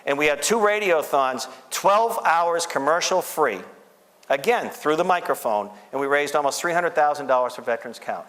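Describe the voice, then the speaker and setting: A man's voice: on the high side, lively intonation, normal speed, a bit bright, in a large hall. A man in his fifties, a radio host, giving an earnest, emphatic speech with repeated phrases. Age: 50s. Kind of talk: speech at an event.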